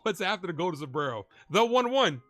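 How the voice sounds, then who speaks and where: A high-pitched man with a bright, forceful voice gives fan-style play-by-play on a live stream. He cheers on his team, gets loud at the big moments and talks straight to his chat. Faint music sits behind him. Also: a little fast. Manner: excitable, cheers and shouts at big plays; chats with viewers and reads donations.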